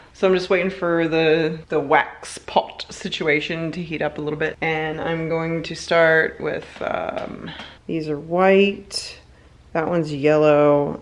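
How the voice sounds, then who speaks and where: A woman vlogging from her home kitchen while making candles, chatting in a playful, self-mocking way. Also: low voice. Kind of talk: casual vlog chat.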